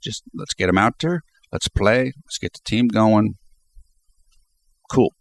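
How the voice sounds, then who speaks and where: A man giving relaxed, off-the-cuff spoken commentary on a basketball player for his video channel. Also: lowish voice, unhurried, no echo. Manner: relaxed, reflective, speaks off the cuff. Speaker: sports video blogger.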